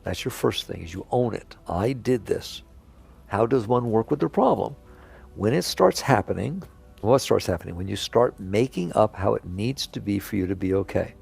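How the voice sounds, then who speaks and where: A man's voice: fairly low pitch, animated, normal speed, gravelly, darkish tone, breathy edge, soft background music. A man giving an earnest spiritual talk to an audience, asking rhetorical questions and chuckling as he makes his points. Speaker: spiritual teacher.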